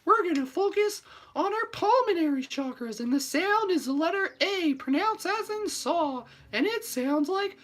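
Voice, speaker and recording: A high, squeaky cartoon character, goofy and excitable. It swoops about in a bright, shrill sing-song. Silly and over the top, like a character from an old animated short. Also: male voice, normal speed.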